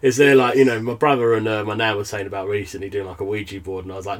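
A man's voice: lowish voice, flat delivery, very fast, hardly any pauses. Giggly English man in casual chat. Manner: laughs often, with many fillers. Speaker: podcast guest.

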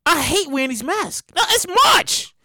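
Animated high-voiced woman host, dry close sound. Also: unhurried, no room sound. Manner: animated, exclaiming, repeats "no, no, no". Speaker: podcast host. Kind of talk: casual comedic commentary.

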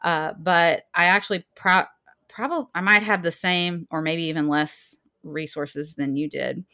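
Woman, low voice, podcast co-host, casual chat, reads quotes with asides. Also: measured pace, sharp tone. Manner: chatty, reading quoted passages with asides.

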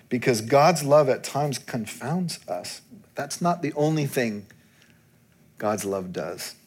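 A man preaching a sermon, dropping to quiet and then rising to emphatic peaks. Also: on the low side, slightly rough. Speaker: pastor.

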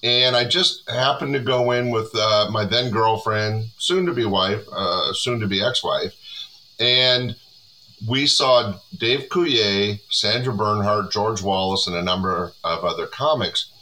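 A man in his sixties, a comedy club owner, chatting casually as an interview guest with relaxed rambling. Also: on the low side, measured pace, a little hiss or hum, poor audio.

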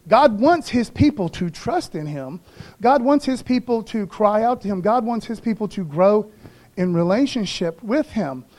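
A man's voice: high voice, a little mellow. A man pastor preaching a conversational sermon in slangy everyday talk, calling for responses from the congregation.

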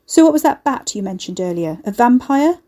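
A woman's voice: on the high side, big pitch swings, a little fast, dark tone, voice pushed up. A woman voicing a rattled young woman who asks anxious, wary questions. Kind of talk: audiobook character voice.

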